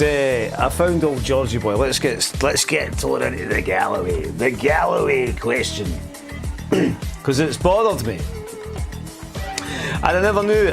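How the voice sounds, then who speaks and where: A man's voice: medium pitch, creaky. A man hosting a casual talk show, rambling and interrupting himself. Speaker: podcast host.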